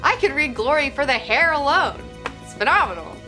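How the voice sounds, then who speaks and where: A young woman ranting enthusiastically about a comic, gushing and swearing, full of "like" and fast asides. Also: sits high, expressive, sharp tone, faint music behind. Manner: gushing, profane, lots of "like". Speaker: comic book reviewer. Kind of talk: excited solo review rant.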